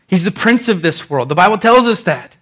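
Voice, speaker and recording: High-voiced, emphatic preacher. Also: male voice, expressive, brisk, fairly bright tone. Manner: emphatic, repetitive, conversational. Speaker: pastor. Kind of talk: sermon.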